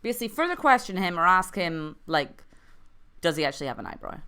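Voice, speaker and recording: A woman's voice: on the low side, sing-song, fast talker, sharp tone, clean tone. A young adult woman streaming an improvised interactive story and chatting with viewers, with wry, self-mocking asides.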